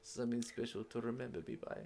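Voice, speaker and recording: A man voicing a short, smarmy, lovestruck male suitor who talks smoothly. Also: mid-range voice, steady tone, quick pace, warm tone, close to an everyday voice. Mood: flirty.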